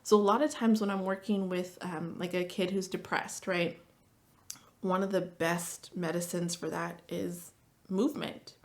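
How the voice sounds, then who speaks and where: A woman therapist talking casually as a podcast guest, chatty, with lots of "like" fillers and lively storytelling. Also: on the low side, a little slow. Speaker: marriage and family therapist.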